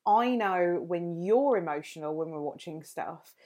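A woman's voice: fairly low pitch, lively intonation, measured pace, a little mellow. A woman co-hosting a podcast in casual chat, playful and self-mocking. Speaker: podcast co-host.

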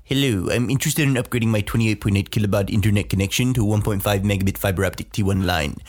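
A man's voice: on the low side, darkish tone, lightly acted. Comic Book Guy, as a man puts him on. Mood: pompous. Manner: pompous, rapid-fire. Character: nerdy pompous man with outdated tech jargon.

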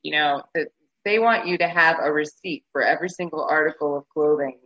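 Animated husky woman telling a story. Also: deep voice, a little fast. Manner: animated, acts out the voices of people in her story. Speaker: guest. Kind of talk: casual conversational storytelling. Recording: dull lo-fi recording.

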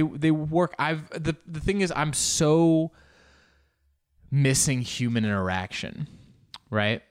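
A man hosting his own podcast, rambling through a casual, profane, self-mocking solo monologue. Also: mid-range voice. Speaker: podcast host and comedian.

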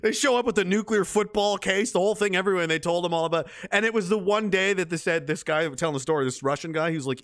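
A man's voice: high voice, fairly bright tone, no echo, studio quality. A man from Canada hosting a livestream, reading chat messages aloud and riffing in casual, profane commentary. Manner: swears freely, jumps from mocking rants to quick chat replies.

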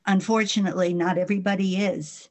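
Older woman, New Jersey accent, lowish voice, earnest faith-interview guest. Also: fairly even intonation, fast. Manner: earnest, storytelling, laughs while speaking. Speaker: guest author.

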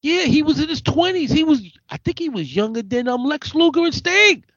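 A man hosting a casual chat, excitable, stammering and repeating himself for emphasis. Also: extremely high pitch, a little fast, vocal fry, no echo. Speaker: podcast host. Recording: dull, dry lo-fi recording.

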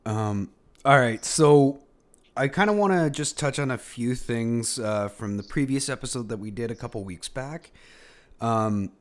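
A man's voice: medium pitch, measured pace. A man hosting a casual podcast, laid-back and hesitant, talking with lots of fillers. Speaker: podcast host.

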